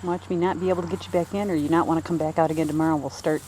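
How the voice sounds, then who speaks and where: A woman working in wildlife rehabilitation, talking softly and coaxingly to an animal in an outdoor enclosure while she films. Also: low-pitched, steady tone, rapid-fire, slight background noise, rough recording. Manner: coaxing, sing-song pet talk. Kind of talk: casual talk to an animal while filming.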